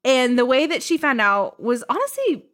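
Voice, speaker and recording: Podcast co-host, woman, chatty, slightly higher voice, laughs a lot, plays out quotes. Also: sing-song, moderate pace, fairly bright tone. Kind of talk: casual chat about a book.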